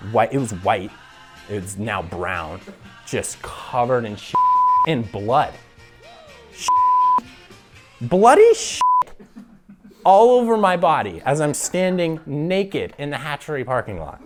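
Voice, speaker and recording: Young guy, crude animated storyteller, lively pitch. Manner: animated, crude, laughing often. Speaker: show regular. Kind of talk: casual storytelling.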